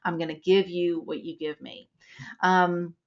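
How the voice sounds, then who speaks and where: A woman instructor talks through a live webinar lesson in a lowish, gravelly voice. She explains by acting out short examples. The sound is dull and lo-fi. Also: flat delivery, measured pace.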